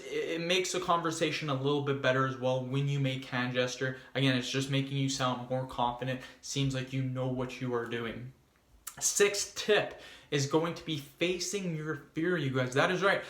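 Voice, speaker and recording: Male vlogger, mid-pitch, emphatic self-help delivery with lots of repetition, recorded in a roomy space. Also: a bit bright. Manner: emphatic and repetitive, addresses viewers as "you guys". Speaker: fitness vlogger giving speaking tips. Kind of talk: casual advice to camera. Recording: echoey room.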